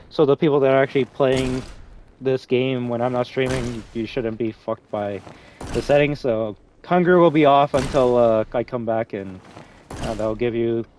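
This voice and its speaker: A man's voice: medium pitch, a little mellow, a little hiss or hum. Rambling male streamer, swears casually. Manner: rambling, many restarts and fillers, swears freely. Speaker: streamer hosting a game lobby. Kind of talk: casual live-stream chat.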